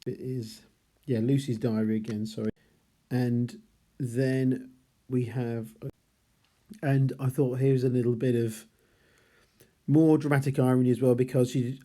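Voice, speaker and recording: A man's voice: medium pitch, little pitch movement, measured pace, pauses often, mellow. A man teaching literature, talking through a novel chapter by chapter, thinking aloud with hesitant restarts.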